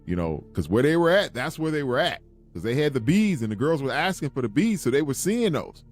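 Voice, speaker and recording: A man's voice: mid-range voice, big pitch swings, brisk, faint music behind. A man co-hosting a podcast, bantering bluntly and jokingly with casual swearing. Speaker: podcast co-host.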